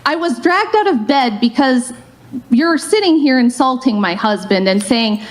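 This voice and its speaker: Brief: woman debate guest, high voice, combative and lecturing, scornful. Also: lively intonation, a little slow. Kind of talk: heated panel debate.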